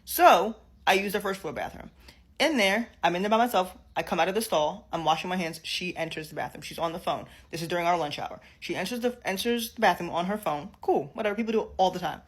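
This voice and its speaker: A woman's voice: lowish voice, fast, breathy edge. A woman in a clip telling a story casually, chatty and repeating phrases for emphasis.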